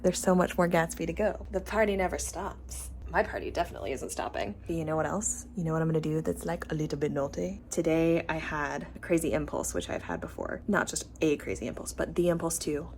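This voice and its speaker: A woman's voice: low-pitched, brisk, a little mellow, a little hiss or hum. Woman, young adult, vlog host, bubbly, chatty, whispers asides. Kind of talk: casual vlog chat.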